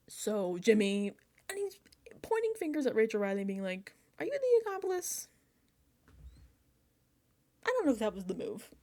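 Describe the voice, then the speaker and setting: Excitable young woman recapping a show. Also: mid-range voice. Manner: animated storytelling, acts out reactions; chatty and excitable, laughs often. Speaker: reality show recap host. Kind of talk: casual reaction recap.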